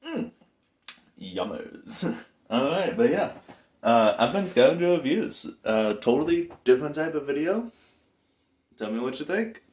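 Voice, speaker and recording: A man's voice: a little high, very animated, unhurried, pauses often, a little mellow. A man hosting a casual cooking vlog in his home kitchen, rambling, slangy and amused at himself. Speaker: cooking vlogger. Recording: echoey room, faint noise.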